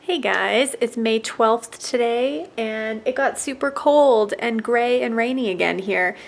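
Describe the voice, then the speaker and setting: A woman's voice: on the high side, a little slow, gravelly, a little hiss or hum. Chatty young woman vlogging at home. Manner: chatty, with frequent laughs and fillers. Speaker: stitching vlogger. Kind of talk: casual vlog chat.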